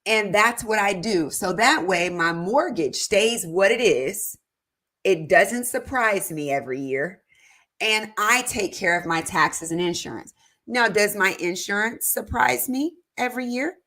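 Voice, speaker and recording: A woman hosting a casual personal-finance livestream, chatting with viewers and reading their comments aloud between warm, talkative tangents full of fillers. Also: animated. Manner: chatty and warm, with fillers and quick jumps in pitch.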